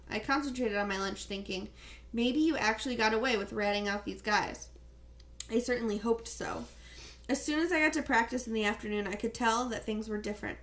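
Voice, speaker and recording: Woman audiobook narrator, steady first-person storytelling, slightly high voice. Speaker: audiobook reader.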